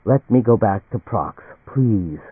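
Guy doing a scared but defiant pilot, lowish voice, tinny phone-like sound. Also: lively intonation, slow pace, slightly rough, dry recording, heavily acted. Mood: desperate. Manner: desperate, then bitterly resigned. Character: frightened, defiant male cargo pilot.

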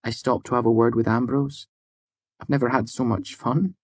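A man's voice: mid-range voice, fairly even intonation, moderate pace, a little mellow, dry recording, pitched above the performer's own voice, natural voice. A man voicing an elegant young woman who speaks in a light, teasing, amused way.

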